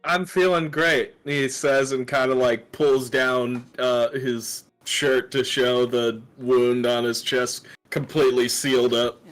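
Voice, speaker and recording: A man's voice: medium pitch, flat delivery, slow pace, few pauses, soft background music. A man playing a tabletop game, talking hesitantly with many fillers. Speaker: player. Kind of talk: casual tabletop play.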